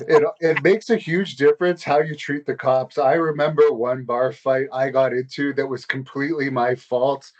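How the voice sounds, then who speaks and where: A man's voice at a middle pitch, heard through dull, lo-fi audio with the top end missing. He hosts a casual interview and talks in a relaxed, polite way, sometimes stumbling as he starts a sentence. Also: moderate pace, hardly any pauses. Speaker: interview host.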